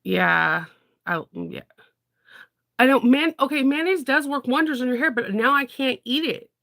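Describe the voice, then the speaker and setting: Woman content creator, casual rambling chat, bright tone with some fry. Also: sits high, normal speed. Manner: rambling, frequent laughter, animated storytelling.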